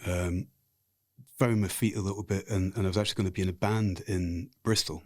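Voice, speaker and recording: A man's voice: deep voice, steady tone, fairly quick, darkish tone, no echo, clean studio sound. A middle-aged man with a Scottish accent, a podcast guest telling frank, rambling stories in a casual interview. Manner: frank, rambling anecdotal storyteller.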